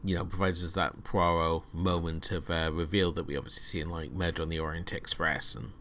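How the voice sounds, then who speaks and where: A man's voice: low-pitched, steady tone, brisk, bright, forceful tone, slight background noise. A man co-hosting a film podcast, talking through plot points with many ums and uhs. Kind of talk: casual film discussion.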